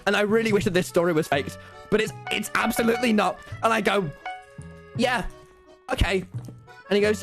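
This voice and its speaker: A young British man telling a story on his stream, excitable and swearing often, acting out both sides of each exchange. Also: sits high, a little fast, creaky, long pauses, soft background music. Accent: British English. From England. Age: young adult.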